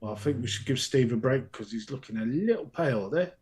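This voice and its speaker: A man's voice: medium pitch, animated, a little fast, a little mellow. Playful, teasing man co-host. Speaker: livestream co-host. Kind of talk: casual live chat, greeting viewers.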